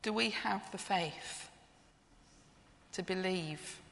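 A woman's voice: fairly low pitch, slow pace, creaky, a bit bright. A woman preaching a sermon. She reflects on her theme and asks the congregation questions. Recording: long reverb of a church hall.

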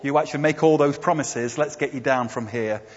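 Man doing calm voice of God from above, reassuring, echoey hall, dull sound. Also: mid-range voice, a little fast, natural voice.

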